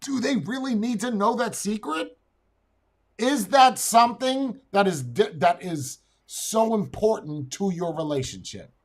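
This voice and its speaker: A man's voice: high voice, expressive, a little slow. A man co-hosting a casual talk show, blunt in his opinions, who repeats words and stammers as he tells a long story.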